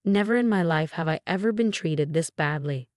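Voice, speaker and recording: A domineering older mother-in-law, indignant and self-pitying, as a woman reads her lines. The voice sits low and sounds dry and close, with no room around it. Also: animated, normal speed, dry recording. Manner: indignant, complaining.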